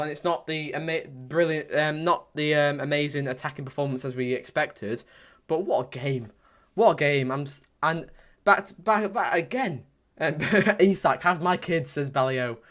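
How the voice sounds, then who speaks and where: A young man commentating live on a football match for his stream, reading out chat messages and repeating himself as he talks. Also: on the high side. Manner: excitable, repetitive, bursts into shouts at big moments. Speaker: fan livestream commentator.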